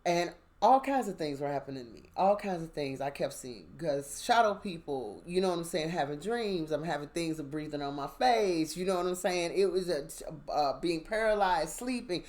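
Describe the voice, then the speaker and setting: A woman, a mother, telling a casual, animated story about her spiritual experiences and checking in with the listener. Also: fairly low pitch, normal speed, few pauses. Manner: animated, conversational, asks listener "you understand?". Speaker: spiritual vlogger.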